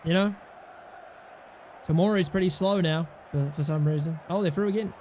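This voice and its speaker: Young guy ranting over his gameplay, highish voice, sarcastic and annoyed, faint hum behind. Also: moderate pace, darkish tone. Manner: exasperated, sarcastic, swears a lot. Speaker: gaming channel host. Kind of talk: casual gameplay commentary.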